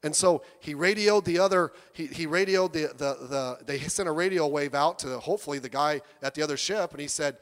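A male pastor preaching a sermon in a church, animated and conversational, acting out the people he quotes and swinging from soft asides to loud outbursts. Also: fairly high pitch, brisk, hardly any pauses, big-room sound.

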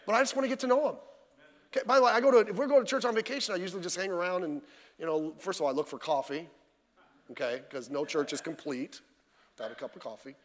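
High-voiced pastor preaching in a big echoing hall. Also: male voice, fast. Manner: conversational, folksy preaching with rhetorical questions. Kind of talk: sermon. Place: church. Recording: reverberant church hall.

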